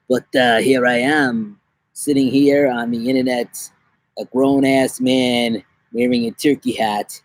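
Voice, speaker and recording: Jokey young man live-streaming outdoors. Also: no room sound. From New York. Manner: jokey, rambling, slips into silly high-pitched voices. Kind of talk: casual live-stream chat. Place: outdoors in a backyard.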